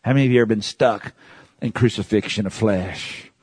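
A man preaching a sermon as pastor, swinging between hushed asides and shouts and calling on the congregation to repeat phrases. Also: fairly low pitch, a little fast, slightly rough, no echo.

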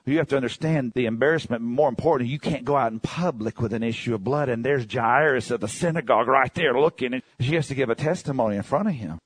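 A man preaching a sermon, reading scripture and retelling it in plain talk, dropping to low murmurs and rising to high shouts. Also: fast, few pauses, slightly rough, no room sound. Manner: reads scripture aloud and paraphrases it in plain talk.

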